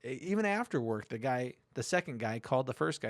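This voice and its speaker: A man's voice: medium pitch, big pitch swings, brisk, hardly any pauses, no echo. A middle-aged man co-hosting a casual podcast, talking bluntly and emphatically and swearing freely. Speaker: podcast co-host. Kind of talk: casual profane chat.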